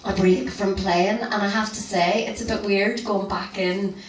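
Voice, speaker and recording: A Northern Irish woman harpist chatting to an audience between songs, relaxed and rambling. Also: medium pitch, unhurried, slight background noise. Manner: relaxed, rambling, self-deprecating. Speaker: harpist and singer. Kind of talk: stage chat between songs. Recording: roomy live hall, distant mic, harp.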